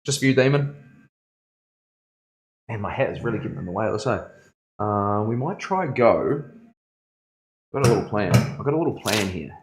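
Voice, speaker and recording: A man's voice: fairly low pitch, lively intonation, normal speed, long pauses. A man tattooing on a live stream, chatting casually and rambling with his viewers, calling them bro and laughing often. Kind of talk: casual live-stream chat while working. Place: tattoo studio.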